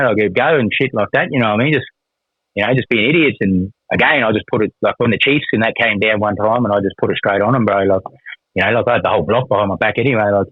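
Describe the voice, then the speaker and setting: An Australian man, a former prisoner appearing as a guest, tells a prison story in a lowish voice over a tinny, phone-like line with no echo. He rambles casually, swearing a lot and using plenty of fillers.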